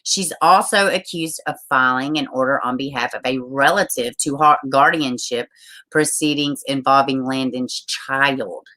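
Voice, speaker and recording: A woman hosting a casual live stream, reading news stories and viewer comments aloud, chatty and quick to laugh. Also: a bass voice, bright, forceful tone. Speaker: livestream host.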